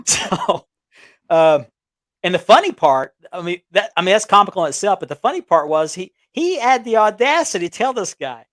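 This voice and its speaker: A man with a slightly high voice tells a long, rambling story on a remote call, restarting his sentences and chuckling as he goes. His voice sounds close and dry, with no room echo. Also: big pitch swings, normal speed. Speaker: belt collecting show co-host. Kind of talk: casual storytelling chat. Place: small town home. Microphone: remote call with audio delay.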